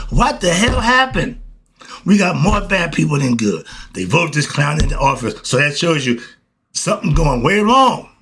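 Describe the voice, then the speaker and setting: Gravelly preachy man, lively pitch. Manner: preachy, repetitive, rhetorical questions, chuckles between points. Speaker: channel host. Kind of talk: spiritual monologue.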